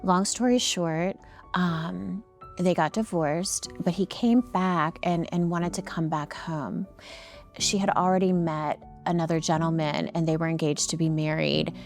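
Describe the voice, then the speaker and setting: A woman telling a heartfelt story in an interview, earnest and halting, with frequent ums and restarts. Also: lowish voice, fairly even intonation, faint music behind. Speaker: nonprofit founder and guest.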